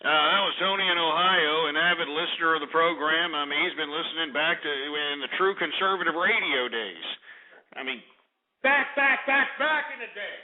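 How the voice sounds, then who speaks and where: High-voiced combative host. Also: male voice, normal speed. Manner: combative, talks over the caller. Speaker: radio show host. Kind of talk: call-in radio talk. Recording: tinny lo-fi radio broadcast.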